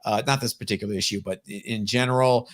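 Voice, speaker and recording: A man's voice: fairly low pitch, fast. A man co-hosting a casual podcast about comic book collecting, talking with an enthusiastic manner. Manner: enthusiastic, lively collector banter. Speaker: podcast co-host.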